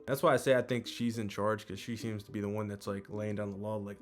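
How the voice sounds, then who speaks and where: A man's voice: lowish voice, flat delivery, fast, few pauses, soft background music. A man casually recapping a manga chapter as host, with lots of fillers and some swearing.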